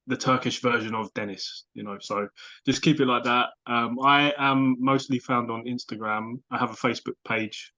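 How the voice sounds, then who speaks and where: A man's voice: mid-range voice, a bit bright, dull audio. A man from London with a London English accent, a podcast guest talking casually in an easygoing way with many fillers. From London, England. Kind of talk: casual chat.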